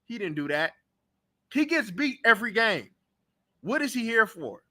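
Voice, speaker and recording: A man's voice: high-pitched, sing-song, moderate pace, bright, forceful tone. A young man hosting a sports talk show, ranting casually and bluntly about his team and trash-talking its players. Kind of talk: casual sports reaction rant.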